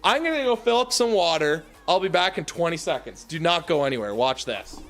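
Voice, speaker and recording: Young male streamer, lively rising voice, casual hype host from home. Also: fairly high pitch, fairly quick, faint music behind. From Canada. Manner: hyped, talks to chat, calls viewers baby and y'all. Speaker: livestream host. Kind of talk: casual livestream chat. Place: home basement room.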